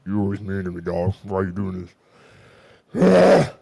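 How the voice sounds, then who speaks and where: A man's voice: low-pitched, very animated, moderate pace, creaky, warm tone, breathy edge, heavily acted. A man voicing a whiny, hurt teenage girl in a mocking sing-song impression.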